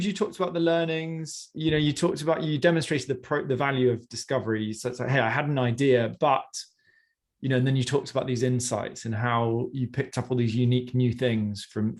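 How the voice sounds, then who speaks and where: Male coach, mid-pitch, gives chatty encouraging feedback in a one-on-one session. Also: a little mellow. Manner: encouraging, conversational, many fillers.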